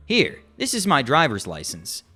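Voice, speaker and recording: Man reads a pushy entitled wife, condescending and lively in pitch. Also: moderate pace, soft background music, full character voice. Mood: demanding. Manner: indignant, condescending. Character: entitled demanding wife, middle-aged woman.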